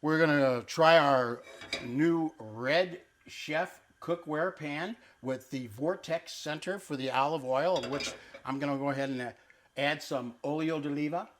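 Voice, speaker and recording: A man's voice: mid-range voice, a bit bright. A man hosting a cooking show, chatting playfully and teaching Italian words as he cooks in a kitchen. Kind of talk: casual cooking demonstration. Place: kitchen with island and stovetop.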